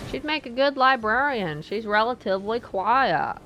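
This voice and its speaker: A woman's voice: a little high, lively intonation, normal speed, sharp tone, slight background noise. A woman streaming a video game live, chatting playfully and talking back to the game as she plays. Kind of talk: live gaming commentary.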